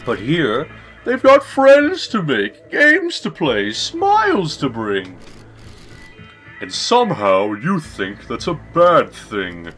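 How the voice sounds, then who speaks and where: A man voicing a sneering male villain in a game, taunting with a mocking, drawn-out, theatrical delivery. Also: a little high, wildly swooping pitch, fairly bright tone, faint music behind, pitched above the performer's own voice, heavily acted. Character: sneering, sing-song male villain taunting a night guard.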